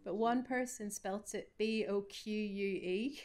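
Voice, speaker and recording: Woman, Ballymena accent, author taking audience questions, chatty and self-mocking, mid-pitched voice. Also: fairly even intonation, unhurried, darkish tone. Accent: Northern Irish, Ballymena. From Northern Ireland. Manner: chatty, self-deprecating, full of asides. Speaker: invited author speaking at a study day. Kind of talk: conversational Q&A answer.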